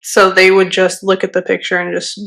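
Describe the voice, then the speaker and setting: A young woman from Southern California co-hosting a casual podcast, relaxed, with wry asides. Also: on the low side, moderate pace, vocal fry. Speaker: podcast co-host. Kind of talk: casual chat.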